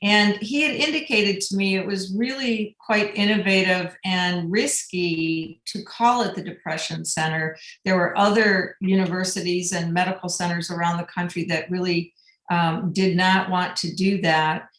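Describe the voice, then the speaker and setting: A woman's voice: on the low side, fairly even intonation, moderate pace, fairly bright tone, reverberant. A woman who is a university regent, giving earnest and thankful remarks at a board meeting, with some fillers.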